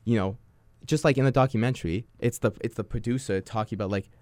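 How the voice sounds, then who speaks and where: A man's voice: medium pitch, fast, a little mellow, no echo, studio quality. A young man in his twenties co-hosting a podcast, telling rambling stories in casual chat, full of fillers and restarts. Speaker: podcast co-host.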